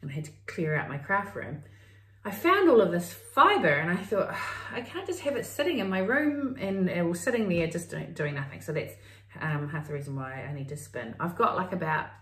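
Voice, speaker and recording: A middle-aged New Zealand woman co-hosts a crafting podcast, her fairly low voice sing-song and fairly bright at normal speed. She rambles through casual crafting chat, thinking aloud, on a distant mic in a roomy recording.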